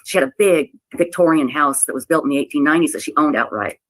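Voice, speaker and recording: A woman telling a personal story in a halting, emotional way, often repeating herself and close to tears. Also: low voice, fairly bright tone, no room sound, poor audio. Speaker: website owner telling her story. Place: played clip of a livestream.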